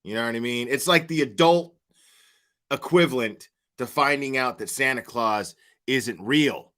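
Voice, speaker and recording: A man's voice: mid-range voice, measured pace, fairly bright tone. A young man hosting his channel, ranting heatedly and profanely with stammering restarts. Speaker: channel host. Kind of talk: casual vlog rant.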